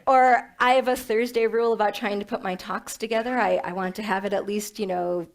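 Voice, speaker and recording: A woman minister giving a sermon in a playful, animated way, with self-mocking humor. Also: mid-range voice, brisk.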